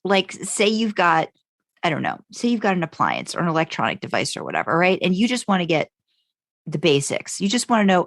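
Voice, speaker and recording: A woman's voice: fairly low pitch, wildly swooping pitch, fairly quick, no echo, clean studio sound. A woman co-hosting a podcast in casual chat, thinking aloud with everyday examples. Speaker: podcast co-host.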